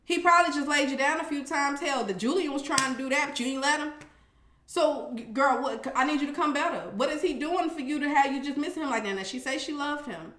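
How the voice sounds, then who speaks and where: A woman's voice: sits high, fast talker, fairly bright tone. A woman giving a blunt, sassy, casual recap of a reality show, swearing and talking straight to her viewers. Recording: roomy echo.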